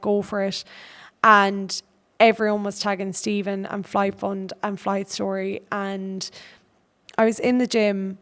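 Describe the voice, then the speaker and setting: An Irish woman hosts her own podcast and tells a long personal story in casual, run-on sentences. Her voice is smooth and clear, and her pitch stays fairly level. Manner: chatty, run-on anecdote telling. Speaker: podcast host.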